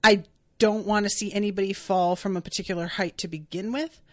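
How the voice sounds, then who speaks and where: A woman hosts a solo podcast episode recapping things and reading listener chat, talking candidly, laughing often, and acting out quoted lines, swearing when she quotes. Her medium-pitched voice is steady and a little fast, recorded dry with clean studio sound.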